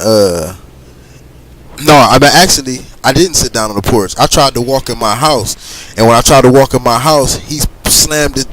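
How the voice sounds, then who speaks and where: A middle-aged man talks casually over a driving game. He rambles, circles back often and leans on filler phrases. His voice sits in an ordinary middle range. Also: mid-range voice. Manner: animated, rambling, frequent "you know what I'm saying". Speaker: gaming streamer telling a story. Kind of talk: casual storytelling over gameplay.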